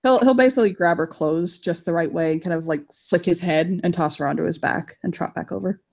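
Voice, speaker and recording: A woman's voice: fairly low pitch, brisk, gravelly. A woman narrating her character in a tabletop game, swearing casually and laughing often. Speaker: tabletop player. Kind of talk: casual role-play narration.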